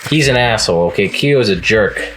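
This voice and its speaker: Chatty lower-voiced man reviewing manga. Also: expressive, moderate pace, fairly bright tone, a little hiss or hum. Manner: chatty and amused, laughing at the scenes he recaps. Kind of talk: casual manga review vlog.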